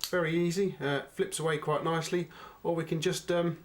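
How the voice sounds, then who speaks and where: A middle-aged man with a slightly raised voice reviews a knife in a relaxed, unhurried way. He keeps turning to his viewers with friendly asides. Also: fairly high pitch. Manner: chatty, unhurried, addresses viewers as guys. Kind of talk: casual product review.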